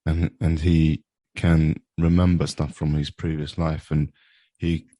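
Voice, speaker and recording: Man, extremely deep voice, dark tone, dry close sound, calm casual chat. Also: measured pace, dry recording. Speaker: podcast co-host.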